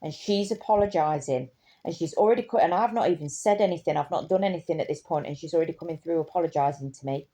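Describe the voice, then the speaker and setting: A woman's voice: deep voice, fast talker, dark tone. A woman telling a story in a casual, impassioned way, indignant and rambling with restarts.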